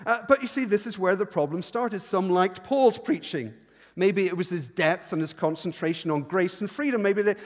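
A man preaching a sermon as a pastor, animated and self-deprecating, often restarting his sentences, with a noticeable regional accent. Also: sits high. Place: church. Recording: long reverb in a church hall.

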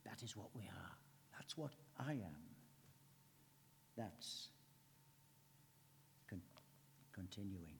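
A man giving a conversational sermon as a preacher, earnest, swinging between emphatic lines and hushed ones. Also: low-pitched, lively intonation, slow, gravelly, long pauses, a little hiss or hum. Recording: long hall reverb.

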